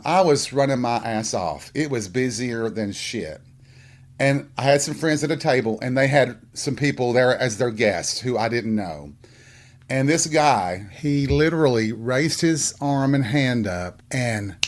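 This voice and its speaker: A man hosting a casual solo podcast, telling stories in a sassy, blunt, profane way. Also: mid-range voice. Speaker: podcast host.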